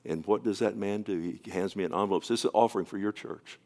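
Here a pastor preaches fast in a lowish voice, weaving a story into his sermon. Again and again he falls to a near whisper, restarting phrases with a stammer.

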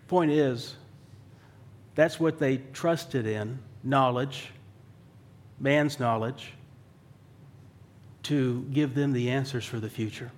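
A man's voice: mid-range voice, darkish tone. A man preaching a sermon in a conversational way, asking rhetorical questions and slipping in dry, wry humor. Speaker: pastor.

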